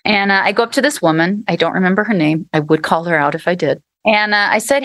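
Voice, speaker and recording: A woman in her fifties, a podcast guest, telling a story in a lively, animated way. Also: lowish voice, quick pace, few pauses, dry recording. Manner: lively, animated, acts out quotes. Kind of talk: casual storytelling.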